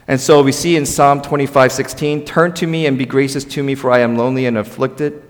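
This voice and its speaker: A man delivers a sermon in a conversational, animated way, often asking the congregation to say words back to him. His voice sits at an ordinary pitch for a man. A long church reverb trails behind each phrase. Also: a little fast. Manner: animated, conversational preaching with audience call-and-response. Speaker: pastor. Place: church sanctuary.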